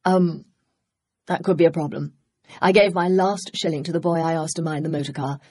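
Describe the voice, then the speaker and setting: A woman voicing a cheeky, eager young man in an audiobook, breezy and coaxing, with a husky voice. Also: low-pitched, steady tone, fairly quick, darkish tone, no room sound. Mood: sheepish.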